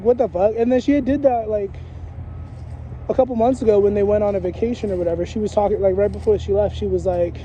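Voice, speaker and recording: A man's voice: sits high, warm tone, dull audio, slight background noise. A man talking candidly and at length in a casual walking vlog, rambling with lots of fillers and frequent swearing, recorded outdoors on a street. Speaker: vlogger.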